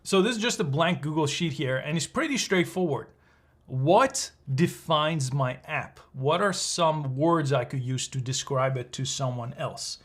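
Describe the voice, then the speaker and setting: A man's voice: a little high, lively intonation, normal speed, few pauses, fairly bright tone. A young man hosting a tutorial channel, explaining step by step in an upbeat, conversational way and often checking in with "right?". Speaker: channel host. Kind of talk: screen-recorded tutorial.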